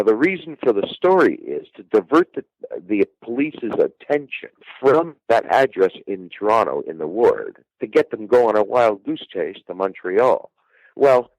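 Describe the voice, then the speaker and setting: A man telling a true-crime story as a podcast guest, halting with frequent fillers and restarts. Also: lowish voice, darkish tone, no echo, poor audio. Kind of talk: true-crime case retelling.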